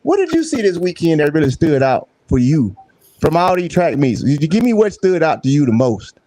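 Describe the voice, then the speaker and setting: Male show host, high and very lively voice, dry close sound, slangy and animated. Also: brisk, no echo. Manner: animated, loud shout-outs, slangy. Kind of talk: casual live-stream chat.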